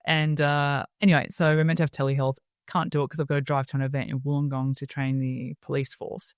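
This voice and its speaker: An Australian woman speaking as a podcast guest, telling stories in a lively, chatty way and laughing often. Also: low voice, no room sound, clean studio sound. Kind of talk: casual interview storytelling.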